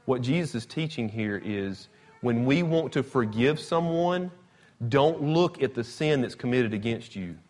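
Conversational preacher man. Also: medium pitch. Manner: conversational, emphatic, retells scripture with animated quotes. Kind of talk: Bible teaching sermon. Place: church or classroom with slides.

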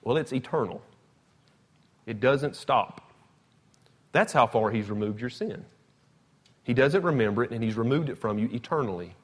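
A man's voice: medium pitch, normal speed, long pauses, husky. A man teaching a Bible lesson, talking informally and acting out the scripture stories with emphasis. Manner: conversational, emphatic, retells scripture with animated quotes. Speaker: preacher. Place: church or classroom with slides.

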